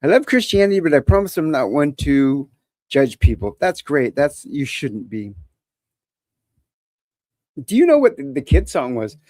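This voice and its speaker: A man's voice: fairly high pitch, sing-song, moderate pace, long pauses, darkish tone, dry recording. A man hosting a live call-in show, talking in a casual, opinionated and joking way.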